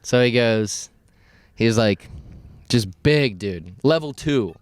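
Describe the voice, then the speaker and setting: A young man tells a story on a podcast. His voice is animated and swings up and down, and he leans on "like" and laughs as he goes. The sound is dry and close to the mic. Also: medium pitch, slow, clean tone, dry recording. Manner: animated, laughing, full of fillers like "like". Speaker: podcast co-host. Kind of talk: casual storytelling.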